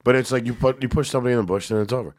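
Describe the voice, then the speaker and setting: A man's voice: medium pitch, racing. A man, a guest comedian, telling stories in a casual podcast chat, stammering and restarting as he goes. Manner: animated storyteller, stammers and restarts.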